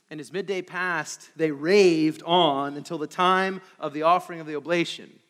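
High, bright-voiced preacher in a hall. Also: male voice, fairly even intonation, moderate pace, hardly any pauses. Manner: dynamic preaching, swinging between loud emphasis and hushed asides; peppers delivery with rhetorical questions to the congregation. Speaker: pastor. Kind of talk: sermon.

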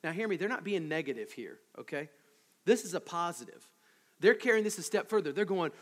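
A man preaching an expository sermon as pastor, conversational and animated, with frequent asides to the congregation. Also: sits high, a little fast, big-room sound.

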